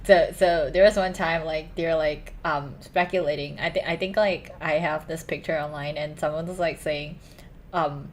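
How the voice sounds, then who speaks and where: A young woman streamer chatting casually with a hoarse, strained voice, stumbling over restarts and fillers. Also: low voice, fairly even intonation. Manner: halting, many restarts and ums, self-conscious.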